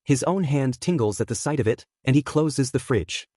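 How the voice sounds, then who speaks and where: A man's voice: mid-range voice, lively intonation, moderate pace, dark tone, no room sound. Man reading fan fiction aloud, dry sound.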